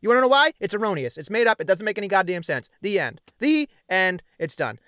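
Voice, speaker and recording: A man with a high-pitched voice rants at length in casual podcast chat, swearing and hammering his points home. The sound is dry and close, with no room in it. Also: big pitch swings, fast, pushed and bright, no room sound. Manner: ranting, profane, emphatic. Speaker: podcast co-host.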